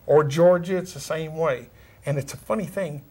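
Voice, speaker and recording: A middle-aged man with a thick West Texas drawl, talking as an interview guest. He chats in a relaxed, folksy way, drops down-home words and chuckles now and then. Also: on the high side, moderate pace, husky. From California. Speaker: actor and former rodeo cowboy, interview guest.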